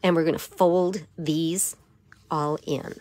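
A hoarse woman with a raspy voice giving a step-by-step papercraft tutorial in her craft studio. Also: low voice, steady tone, slow pace, darkish tone. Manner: step-by-step instruction with frequent okays. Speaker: papercraft demonstrator.

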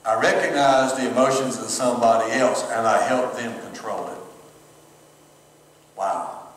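A man's voice: mid-range voice, a little slow, recorded from a distance. Man preaching in an echoey hall. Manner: conversational preaching with asides to online viewers. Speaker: pastor and former chaplain. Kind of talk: sermon. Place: church sanctuary, streamed service.

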